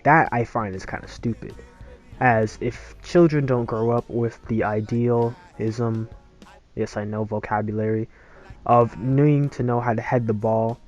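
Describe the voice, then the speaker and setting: A man's voice: medium pitch, a little mellow. Young man, casual exasperated vlog rant, voice-over; dull home-mic sound with light background music. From United States. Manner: exasperated, sarcastic venting. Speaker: YouTuber. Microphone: voice-over, no face cam.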